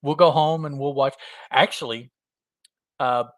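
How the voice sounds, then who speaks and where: A man's voice: mid-range voice, steady tone, a little slow, no echo. A middle-aged man co-hosting a podcast, chatting in an easygoing, reflective way. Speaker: podcast co-host. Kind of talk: casual chat.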